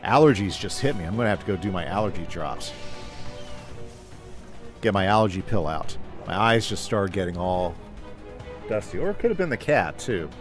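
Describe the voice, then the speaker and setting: A man's voice: deep voice, sing-song, normal speed, long pauses, soft background music. A man casually chatting with his live chat while playing a game, reading comments aloud and talking through his moves. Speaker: gaming livestreamer.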